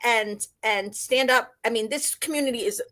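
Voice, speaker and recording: A woman guest on a live stream, talking in a gushing, excited, rambling way. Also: a little high, normal speed. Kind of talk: casual live-stream chat.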